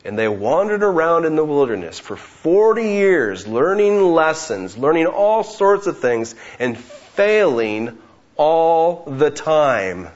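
A man's voice: fairly high pitch, sing-song, slow pace, muffled recording. A man preaching an expository sermon, who keeps asking rhetorical questions and acts out the voices of the people in the story.

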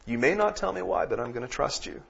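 A man preaching a sermon, moving from calm teaching to loud, emphatic peaks. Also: a little high, fast talker, gravelly, highs cut off, slight background noise. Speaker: pastor.

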